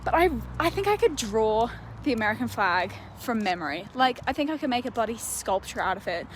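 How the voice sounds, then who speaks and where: A woman's voice: a little high, very animated, fairly quick. A woman with an Australian accent ranting in a casual, exasperated, chatty way with many "like"s. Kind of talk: casual video rant. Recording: faint background noise.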